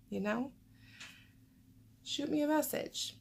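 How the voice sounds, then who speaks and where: A woman's voice: medium pitch, slow, gravelly, slight background noise. A woman vlogger rambling casually to camera in a chatty way, full of fillers.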